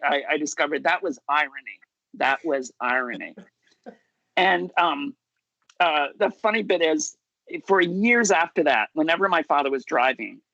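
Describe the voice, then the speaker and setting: A man's voice: on the high side, fairly bright tone, no room sound, low-quality recording. A man telling a funny childhood story at an online story slam, chatty and self-amused, over a video call. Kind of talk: personal story told at a virtual story slam.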